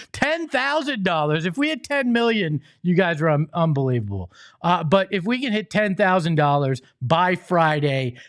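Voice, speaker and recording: A man hosting a sports talk show, talking energetically and rambling with quick restarts and chuckles. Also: on the high side, no room sound, studio quality. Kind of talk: casual sports talk with live charity appeal.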